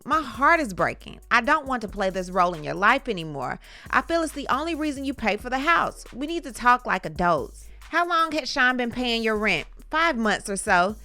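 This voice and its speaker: A woman hosting a commentary channel, briskly reading court testimony aloud with short reaction asides. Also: fairly high pitch, pushed and bright, dry recording.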